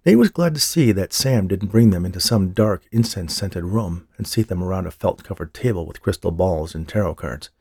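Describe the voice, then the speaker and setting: Male audiobook narrator, steady, low gravelly voice, dry close sound. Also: a little fast, few pauses, dry recording. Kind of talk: scripted narration.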